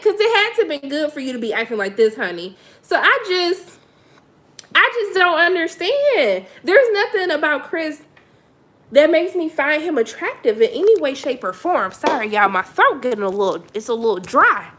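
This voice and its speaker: A woman's voice: high-pitched, sing-song, moderate pace, a bit bright. A woman giving sassy, blunt, casual live commentary on a reality show, talking straight to her viewers with features.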